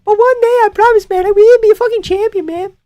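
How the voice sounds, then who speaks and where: A man doing an impression of a young male fighter in a squeaky, very high falsetto-like voice, earnest and accented. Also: steady tone, fast, warm tone, no echo. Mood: earnest vow.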